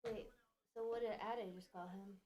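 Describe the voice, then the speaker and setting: A woman's voice: medium pitch, steady tone, moderate pace, darkish tone. A woman making casual offhand remarks off-camera, away from the mic. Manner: offhand remarks from across the room. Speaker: off-camera companion. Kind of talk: casual background chat. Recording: distant, roomy off-mic sound.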